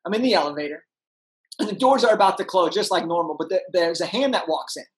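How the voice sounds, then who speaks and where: A young man, a podcast guest, telling an energetic story and acting out the people in it. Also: high voice, quick pace, low-quality recording. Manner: animated, acts out voices in his anecdotes.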